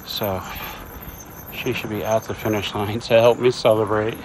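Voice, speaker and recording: A man's voice: on the low side, level tone, moderate pace, noisy background. A man vlogging outdoors on a bike trail, earnest and openly emotional as he talks to his viewers. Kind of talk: casual vlog narration. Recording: loud music behind. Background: music.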